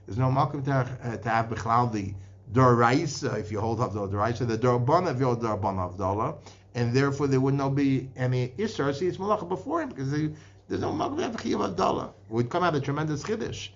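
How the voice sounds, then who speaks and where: A man giving a Torah lecture in English full of Hebrew and Aramaic terms, often restarting and repeating words as he works through the sources. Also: medium pitch. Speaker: Torah teacher. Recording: dull lo-fi podcast recording.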